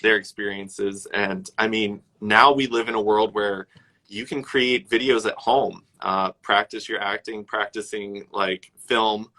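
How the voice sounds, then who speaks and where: A man's voice: on the low side, fairly even intonation, measured pace, sharp tone, low-quality recording. A man hosting a casual conversation, easygoing, filling his talk with "like" and laughter. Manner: easygoing, laughs, uses lots of like.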